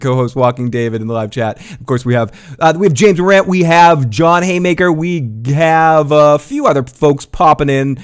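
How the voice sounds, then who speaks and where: Animated Boston man hosting commentary. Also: a little high, clear, resonant tone. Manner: animated, swearing, restarts. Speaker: podcast host. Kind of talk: live commentary chat.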